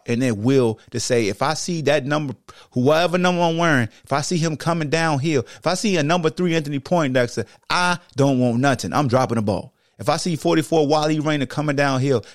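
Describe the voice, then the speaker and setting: A man hosting a sports podcast, talking with emphatic repetition that swings between low, heavy stretches and high, excited bursts. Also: no room sound, clean studio sound. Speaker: podcast host and former football player. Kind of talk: impassioned monologue.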